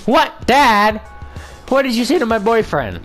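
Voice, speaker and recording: A man voicing a caring young woman in a game story, pushed well up in pitch. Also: very animated, quick pace, a bit bright, soft background music. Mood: upset.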